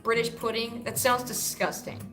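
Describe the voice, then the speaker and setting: A woman's voice: on the high side, steady tone, moderate pace, fairly bright tone, faint music behind. A woman from the United States hosting a casual livestream, answering chat comments in a loose, profane, joking way. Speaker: livestream host.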